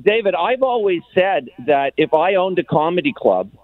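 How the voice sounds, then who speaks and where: A man with a Canadian accent, a comedian guest on a radio show, talking in halting bursts with frequent restarts. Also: high-pitched, very animated, no room sound, narrow, tinny audio. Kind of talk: casual radio chat.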